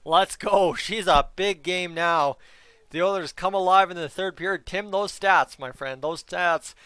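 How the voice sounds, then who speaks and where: Excitable high-voiced man calling a game. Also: unhurried, clean tone, no echo. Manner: excitable, shouts at big moments, talks to chat by name. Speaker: fan streamer reacting to a live game. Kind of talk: excited live play-by-play reaction.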